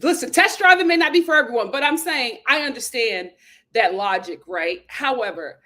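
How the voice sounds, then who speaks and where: A woman hosting a casual live stream, greeting viewers by name and reading their comments aloud with sassy, lively chatter. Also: a little high, moderate pace. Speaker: host of a live show. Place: home in Los Angeles.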